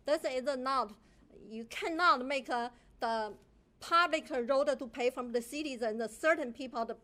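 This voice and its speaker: Woman, Chinese accent, high-pitched, indignant, broken English, accusing tone, public comment at a podium mic. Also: a bit bright. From China. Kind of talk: public comment at a council meeting. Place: council chamber.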